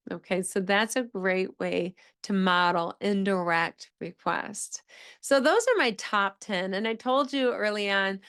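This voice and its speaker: A woman's voice: fairly bright tone, smooth. Enthusiastic woman hosting a teaching podcast. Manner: enthusiastic, acts out children's phrases in a higher voice. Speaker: podcast host, speech-language pathologist. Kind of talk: educational podcast monologue.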